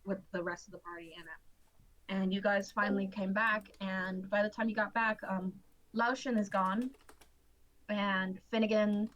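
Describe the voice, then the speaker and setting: A woman's voice: medium pitch, fairly bright tone, low-quality recording. A tired woman narrating as game master, casual and swearing, often laughing and tripping over her words.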